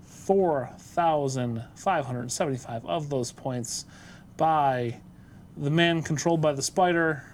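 Straight-faced male co-host, a bit high, quick silly asides, light background hiss. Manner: deadpan made-up facts, quick asides. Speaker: co-host reading game records. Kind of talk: jokey casual show banter.

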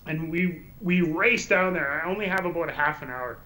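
A man in casual conversation, recounting a story with lots of restarts and filler words. His voice sits a little high and his delivery is animated. He sounds like an enthusiastic podcast guest. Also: normal speed, poor audio. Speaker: guest documentary filmmaker.

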